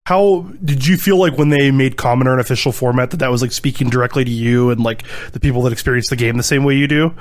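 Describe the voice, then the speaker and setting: A man's voice: medium pitch, fast talker, few pauses. Inquisitive, teasing podcast host man. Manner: inquisitive, teasing, asks guests questions. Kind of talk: casual podcast panel chat.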